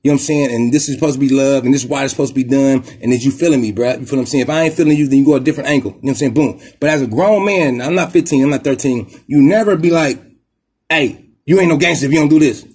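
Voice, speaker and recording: A man from Oakland with an Oakland accent, hosting a podcast and telling a story in a rapid, profane, animated street style. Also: mid-range voice, breathy edge. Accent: Oakland, Bay Area. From Oakland, California. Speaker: podcast host. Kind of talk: casual monologue storytelling.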